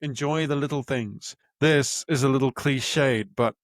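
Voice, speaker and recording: A young man reads from his own book in a mid-pitched, everyday voice, breaking off for candid asides and stopping to find his place. The sound is dry and close, with no room around him. He swears freely and keeps a relaxed, unpolished tone. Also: unhurried, no echo. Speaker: podcast host and author.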